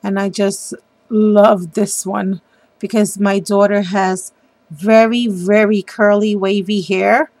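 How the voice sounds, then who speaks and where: A woman's voice: mid-range voice, level tone, slow, darkish tone, no room sound. A middle-aged woman showing her papercraft project in a casual, gushing chat, with frequent ums and giggles. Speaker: papercraft designer. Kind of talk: casual craft show-and-tell.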